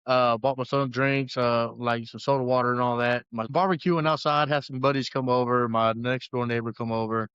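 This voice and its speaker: A man's voice: mid-range voice, flat delivery, normal speed, few pauses, fairly bright tone, clean tone, no room sound, muffled recording. A man as a podcast guest, earnestly telling a personal story in a rambling way full of restarts.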